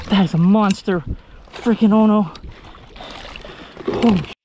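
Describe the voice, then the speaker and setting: A man's voice: high voice, measured pace, long pauses, mellow, highs cut off. A young man fishing from a kayak at sea, exclaiming in awe and swearing over his catch. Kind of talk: excited fishing vlog. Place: on a kayak on open ocean. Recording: noisy outdoor camera audio with wind and water.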